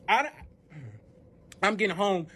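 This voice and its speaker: A young man telling a personal story in a casual vlog, animated and profane, acting out both sides of the conversation. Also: high-pitched, slightly rough.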